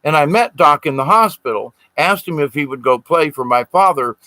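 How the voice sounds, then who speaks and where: A man's voice: a little high, expressive, moderate pace, bright, forceful tone, no echo, rough recording. A middle-aged man, telling a personal story in an earnest, rambling way. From Southern United States. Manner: rambling, earnest, acts out quoted voices. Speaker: spiritual storyteller. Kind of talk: casual storytelling.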